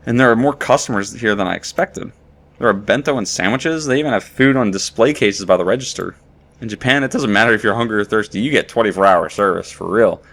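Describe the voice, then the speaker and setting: A man's voice: fairly low pitch, fast, fairly bright tone. A man giving casual, rambling commentary while playing a game and joking with viewers. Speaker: let's play commentator.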